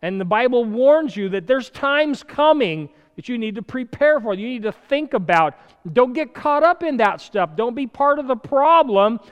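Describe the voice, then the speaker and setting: A man preaching a sermon in an animated way, swinging from loud, urgent bursts to quiet asides, with the odd chuckle. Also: very high-pitched, moderate pace, clear, resonant tone, in a large hall, muffled recording.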